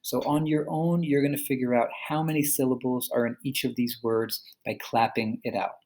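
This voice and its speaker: Young man, teacher voice, recorded lesson narration; patient, spells words out slowly, mid pitch. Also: fairly even intonation, a little mellow, slight background noise, poor audio. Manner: patient, slows down to sound out words.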